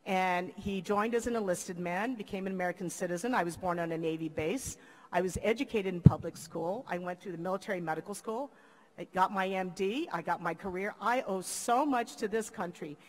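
A woman's voice: fairly low pitch, brisk. Older woman telling a story in a reverberant hall. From Philippines. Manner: lively, acts out quoted voices. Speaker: commencement speaker. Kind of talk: storytelling speech.

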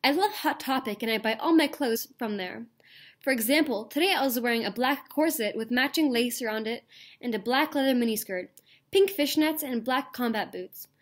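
A young woman reading a fanfic aloud in a comic, mock-earnest deadpan. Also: a little high, a little fast. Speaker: channel host. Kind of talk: comedic dramatic reading of a fanfic.

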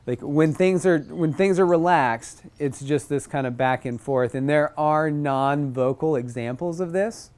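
A man teaching a group about bird calls in a casual, animated way, sometimes mimicking bird chips. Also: on the high side, measured pace, hardly any pauses. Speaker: outdoor naturalist instructor.

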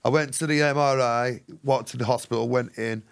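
A man's voice: medium pitch, a little fast, creaky, clean tone. A man, a podcast guest telling his own story in casual street slang and acting out the voices of others. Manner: animated, acts out the voices of others. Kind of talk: storytelling interview.

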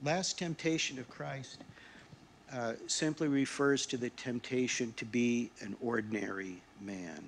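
Guy speaking at a church service, gravelly low-key voice, quiet and reflective. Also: measured pace, slight background noise. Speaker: lay speaker. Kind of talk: sermon with readings.

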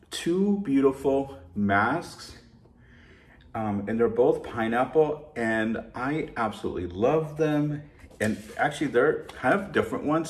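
A man hosting a shopping channel, chatting casually and warmly thanking his viewers in an effusive, heartfelt way. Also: medium pitch. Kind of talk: casual vlog chat to viewers.

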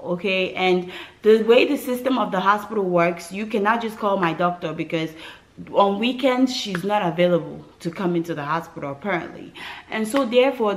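Animated woman telling her birth story. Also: mid-range voice, slight background noise, low-quality recording. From West Africa. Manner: animated, dramatic retelling with acted quotes and asides to viewers. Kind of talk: casual storytelling to camera.

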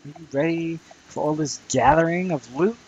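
A man's voice: on the high side, normal speed, darkish tone, husky, highs cut off. A young man giving crude, rambling let's play commentary, swearing constantly and muttering at the enemies he fights. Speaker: gamer playing solo.

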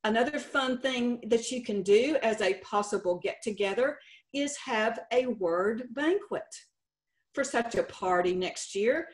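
A woman's voice: a little high, unhurried. A middle-aged woman with a Texan accent, a state contest director giving a folksy, lightly humorous conference presentation. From Texas.

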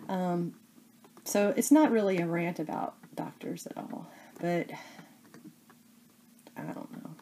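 A woman talks casually to her viewers, her voice low and dark-toned. She rambles and stops halfway through her thoughts, using lots of fillers. A faint hiss sits under the recording. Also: creaky. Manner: rambling, halting, many fillers. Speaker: crafting vlogger. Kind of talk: casual chat to camera.

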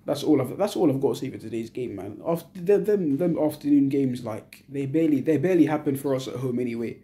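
A man's voice: medium pitch, lively intonation, quick pace, dark tone. A young man, giving a heated post-match reaction as a football fan, swearing freely and repeating himself in frustration.

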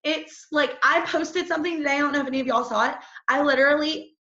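A peppy young woman coaches her team on a call, chatty and casual with lots of "like" and "y'all." Her voice is bright and ringing, a little high. It sits in an echoey room on a dull, lo-fi recording. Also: fast.

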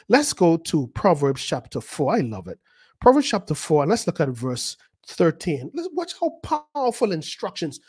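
A male pastor preaching a sermon with emphatic repetition and rhetorical questions to his listeners. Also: high-pitched.

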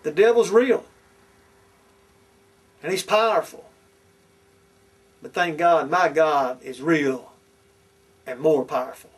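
A man's voice: on the high side, takes it slowly, long pauses, slight background noise. A man preaching as a pastor, fiery and confrontational, repeating his points. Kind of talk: sermon. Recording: distant from the mic.

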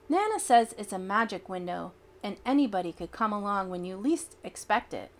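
A woman reading a children's picture book aloud in an expressive, childlike storytelling manner. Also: medium pitch.

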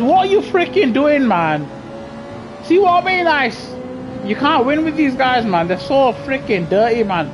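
A man giving live commentary over his racing game through a gaming headset, muttering to himself and breaking into excited shouts. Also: extremely high pitch, unhurried, noisy background. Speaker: gaming streamer. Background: game music and car engine sounds.

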